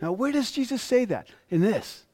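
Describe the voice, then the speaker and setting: A man's voice: sits high, animated, moderate pace, mellow. A male pastor preaching a sermon, reading scripture aloud and stressing the quoted words. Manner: reads scripture aloud, with emphatic rises on quoted lines.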